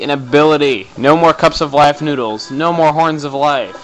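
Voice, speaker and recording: A man giving chatty, excitable commentary while playing a video game, tossing in the odd swear for effect. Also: on the high side, normal speed, few pauses, faint music behind, poor audio. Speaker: let's play host. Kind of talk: casual gameplay commentary.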